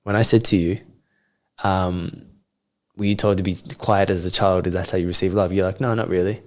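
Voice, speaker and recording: A man with a fairly low voice speaks in a reflective coaching conversation. He asks probing questions and then lays out his points in a calm, explaining way. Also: moderate pace. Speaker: coach, podcast guest.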